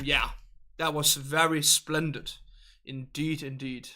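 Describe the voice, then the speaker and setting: A man putting on a jolly, posh English gentleman with an exaggerated English accent and theatrical phrasing. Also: on the high side. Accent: put-on English accent.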